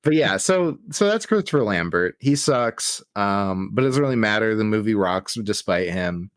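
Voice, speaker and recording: A man's voice: fairly low pitch, lively intonation, moderate pace, clear, resonant tone, dry recording, studio quality. Loose, profane podcast co-host man. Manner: loose, profane, jumps into silly voices. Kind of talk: casual movie chat.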